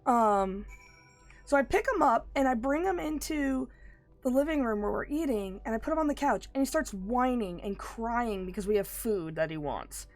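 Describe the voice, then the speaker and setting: A woman's voice: fairly high pitch, animated, normal speed, darkish tone, soft background music. A sick woman streaming a game, chatting and telling rambling stories. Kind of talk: casual gaming stream chat.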